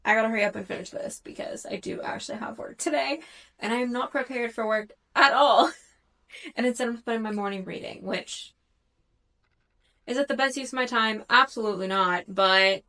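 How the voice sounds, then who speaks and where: This bright, forceful voice belongs to a thirty-year-old woman who runs a book vlog. She talks a little high and a little fast, chatting casually in a talkative, self-conscious way full of fillers and restarts.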